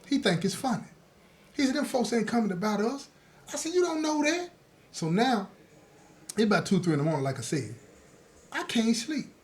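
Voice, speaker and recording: A man's voice: high voice, moderate pace, pauses often. A man casually telling a story from his own life, talking straight to his listeners and checking that they follow along. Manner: lively, acts out the others in his story. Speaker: host telling his own prison stories.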